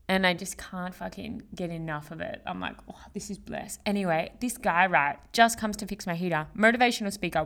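A young woman hosting a casual solo podcast, chatty and full of slang, fillers and swearing. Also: mid-range voice. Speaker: podcast host. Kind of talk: casual motivational monologue.

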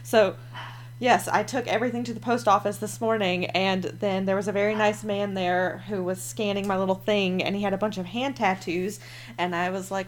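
A young woman co-hosting a casual book chat, animated and quick to laugh. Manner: animated, laughing, acts out quotes in a higher voice. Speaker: podcast co-host.

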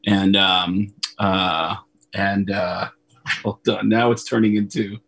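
A middle-aged comedian telling a profane, animated story as a guest over a video call, laughing often. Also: male voice, lowish voice, slow, creaky. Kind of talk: casual storytelling.

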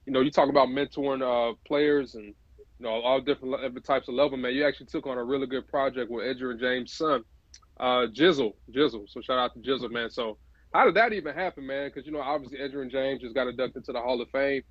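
A man's voice: medium pitch, steady tone, fast, no echo. A man hosting a casual interview who agrees readily and often ends phrases with "man". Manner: agreeable, says man a lot. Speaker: podcast host. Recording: dry, slightly dull sound.

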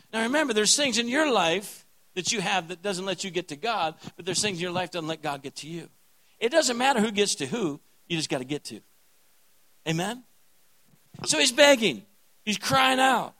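A man preaching at a revival as a pastor, fervent and folksy, swinging from hushed lines to loud calls. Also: sits high, poor audio. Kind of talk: revival sermon.

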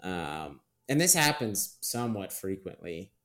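Man, podcast co-host, casual chat, low voice, musing, lots of fillers. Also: sing-song, unhurried, fairly bright tone. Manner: musing, hedging, with frequent fillers.

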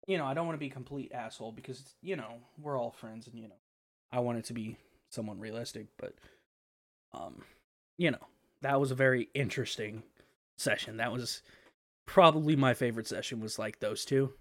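A man's voice: medium pitch, fairly quick, a bit bright. A young man hosting a podcast in casual chat, rambling and swearing with lots of fillers. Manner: rambling and profane, with frequent fillers and laughter. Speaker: podcast host.

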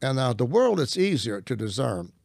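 A man's voice: mid-range voice, big pitch swings, moderate pace, vocal fry, a little mellow, no echo, studio quality. A middle-aged man, a Christian minister, talking as an interview guest. He tells his stories in an earnest, folksy way and often restarts his sentences. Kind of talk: conversational storytelling.

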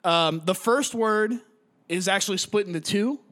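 High-voiced man teasing a friend. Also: normal speed, fairly bright tone. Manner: teasing, profane, chuckling. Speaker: puzzle giver. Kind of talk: casual podcast banter.

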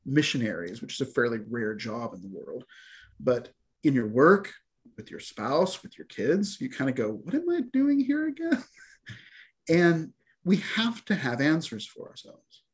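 Husky-voiced pastor, casual sermon. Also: male voice, mid-range voice, normal speed. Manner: relaxed, conversational, with fillers and small laughs.

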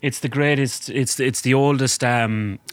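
A man's voice: mid-range voice, steady tone, unhurried, no echo. A man with a mid-range voice tells a story with easy confidence, recorded close and dry with no room sound. Casual podcast chat. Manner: storytelling, confident, adds facts. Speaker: podcast co-host.

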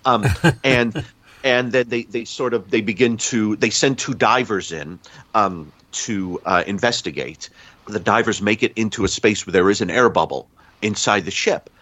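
A man's voice: lowish voice, normal speed, a bit bright, dry recording. A man on a podcast giving a casual, rambling plot recap, often stopping to correct himself. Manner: rambling, self-correcting storyteller. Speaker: podcast panelist.

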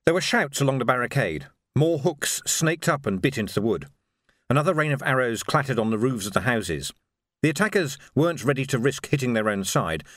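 Expressive man narrating a novel. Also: medium pitch, no room sound, clean studio sound. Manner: expressive storytelling. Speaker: audiobook narrator. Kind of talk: scripted narration.

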